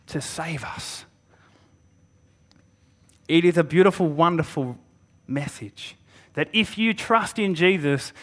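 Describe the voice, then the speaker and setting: Man preaching, earnest, bit higher voice, stops and restarts sometimes. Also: a bit bright. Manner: earnest, with emphatic pauses and occasional restarts. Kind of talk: Good Friday sermon.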